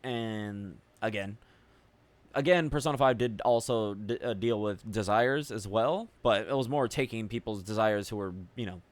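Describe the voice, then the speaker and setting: A man's voice: fairly low pitch, moderate pace, no echo. A man giving casual game commentary, musing aloud with loose fillers and offhand swearing. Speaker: gaming video creator.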